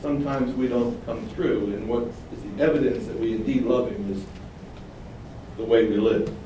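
A man preaching a sermon, animated, acting out quoted lines with sudden rises. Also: mid-range voice, moderate pace. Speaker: pastor. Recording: very echoey room, distant mic, faint noise.

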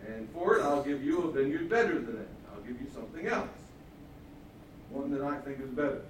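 A man's voice: mid-range voice, expressive, brisk, far from the mic, a little hiss or hum, natural voice. A preacher as sulky, covetous King Ahab. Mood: wheedling. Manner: wheedling, petulant. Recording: echoey hall, mic from afar.

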